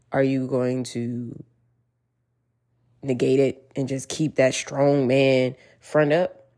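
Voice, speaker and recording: A woman's voice: extremely low pitch, a little mellow. A woman giving an earnest, encouraging motivational talk straight to her listeners, repeating reassurances as she goes. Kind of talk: casual motivational monologue.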